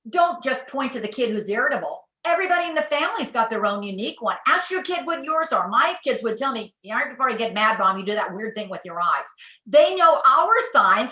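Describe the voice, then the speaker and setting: A middle-aged woman giving a lively talk on parenting, acting out the parent and child lines she quotes. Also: high voice, echoey room, low-quality recording. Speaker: parenting speaker.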